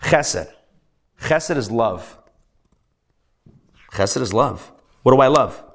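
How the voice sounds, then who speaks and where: A rabbi teaching a live class, telling stories in a lively, animated way with playful asides. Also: male voice, medium pitch, takes it slowly, vocal fry.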